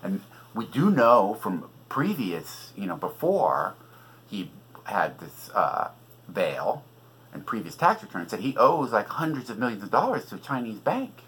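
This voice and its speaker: Husky-voiced man ranting about politics. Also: fairly low pitch, huge pitch swings, a little slow, a bit bright, low-quality recording. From California. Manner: agitated, profane, sarcastic. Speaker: podcast host and author.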